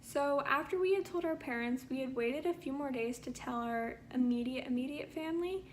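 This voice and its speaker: A woman's voice: high-pitched, fairly quick, slight background noise. A young woman from Canada, pregnant, telling a personal story-time vlog in an earnest, emotional way. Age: young adult. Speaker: vlogger.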